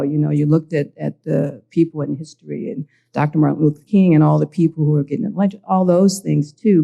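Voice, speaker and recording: A woman reflects on her family at a church gathering, pausing and restarting as she goes. Her voice is very dark and heavily gravelly. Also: deep voice, highs cut off. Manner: reflective, halting with frequent restarts. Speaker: panel speaker, pastor's daughter. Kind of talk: reflective personal storytelling.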